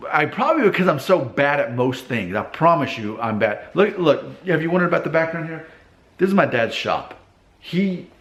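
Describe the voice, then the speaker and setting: A man's voice: medium pitch, fairly bright tone. A man in his thirties giving casual advice straight to camera, talking it through in a conversational way from his father's car repair shop. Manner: conversational, acts out quoted people in exaggerated voices. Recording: echoey workshop.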